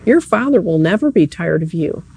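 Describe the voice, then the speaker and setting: A preacher delivers an earnest sermon at an evening service in a warm, mellow voice. The talk stays conversational and speaks straight to the listeners, with pitch at an ordinary middle level. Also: lively intonation, normal speed, creaky, slightly rough.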